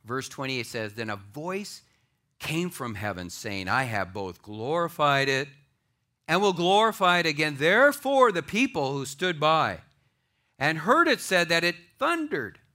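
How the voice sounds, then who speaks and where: Animated, bright-voiced male preacher. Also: a little high, unhurried. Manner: dramatic preaching that swings from loud to hushed. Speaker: pastor. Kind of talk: sermon. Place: church with a live audience.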